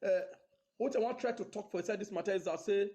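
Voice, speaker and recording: A man with a Nigerian accent calling in, halting and stammering, mixing in Pidgin. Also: high-pitched, dark tone, lo-fi sound. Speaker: caller.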